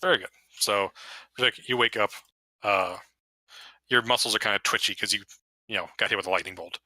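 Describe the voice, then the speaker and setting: A man running a tabletop role-playing game over voice chat, casually narrating and voicing giants in a slower, lower voice. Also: pushed and bright, no room sound. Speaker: dungeon master. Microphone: headset or desk mic on voice chat.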